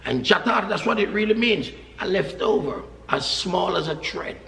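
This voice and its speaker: High, shouting preacher in echoey hall. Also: male voice, animated, moderate pace, vocal fry, slight background noise. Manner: emphatic, repetitive preaching with frequent shouted phrases. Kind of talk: sermon. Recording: echoey hall with long reverb.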